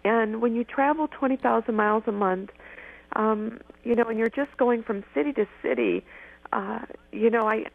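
A former pageant winner in her forties from Michigan, this woman is a guest in an animated storytelling interview. Her voice is on the high side and gravelly, her pace moderate, and she tumbles eagerly through phrases, often restarting. The sound is a tinny, dry phone line.

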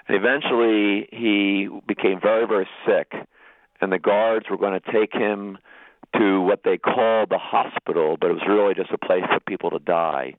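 Deep gravelly man on a phone line. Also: no echo. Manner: earnest, halting, with fillers and restarts. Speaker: bishop, interview guest. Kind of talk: storytelling in a radio interview.

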